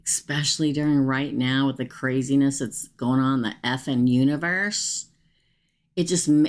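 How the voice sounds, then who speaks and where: Low-voiced woman reading tarot live. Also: creaky. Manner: chatty, thanks viewers, talks to herself while pulling cards. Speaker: tarot reader.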